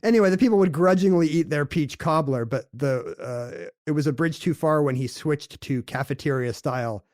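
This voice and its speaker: A man co-hosting a conversational podcast and telling a story with playful asides. His voice sits somewhat high for a man. The sound is dry and close, with no room echo. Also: normal speed. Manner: jokey, storytelling, lively asides. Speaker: podcast co-host. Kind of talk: casual conversational podcast chat.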